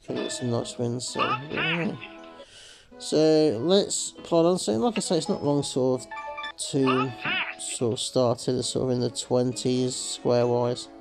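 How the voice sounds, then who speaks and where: A man's voice: mid-range voice, slow, vocal fry, over music, low-quality recording. A man hosting a slot game video, rambling casually to viewers with lots of "sort of" fillers and calling them folks. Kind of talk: casual gameplay commentary.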